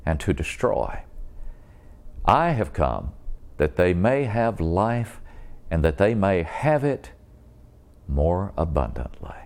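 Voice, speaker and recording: Deep-voiced man preaching earnestly. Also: darkish tone. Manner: earnest, deliberate preaching with pleading questions. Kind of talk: evangelistic sermon.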